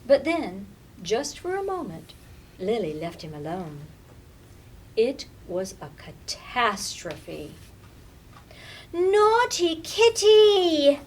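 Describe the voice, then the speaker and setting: A woman librarian reading a picture book aloud to children, expressive and with dramatic pauses. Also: mid-range voice, slight background noise, low-quality recording. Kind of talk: storybook read-aloud.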